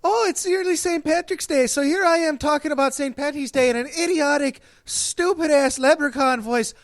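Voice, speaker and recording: A man with an Irish accent putting on a cheesy, shrill male leprechaun voice from an advert, in a mocking, exaggerated way. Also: moderate pace.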